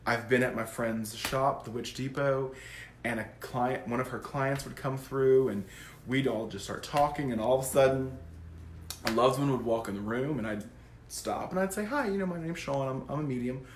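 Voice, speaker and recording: Goofy, animated man in a roomy space. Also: medium pitch, moderate pace, a little hiss or hum. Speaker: psychic medium. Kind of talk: casual talk to camera.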